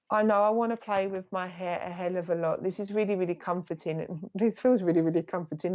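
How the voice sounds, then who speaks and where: A woman psychic medium giving a live reading in a soft, chatty way, often thanking the spirits aloud. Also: on the low side, muffled recording.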